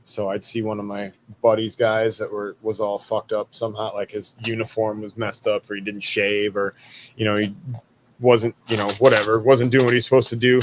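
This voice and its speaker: A man's voice: on the low side, little pitch movement, normal speed, slight background noise. A man in his thirties, an army veteran guest, telling stories in a laid-back way, swearing freely and laughing at his own jokes. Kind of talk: casual storytelling interview.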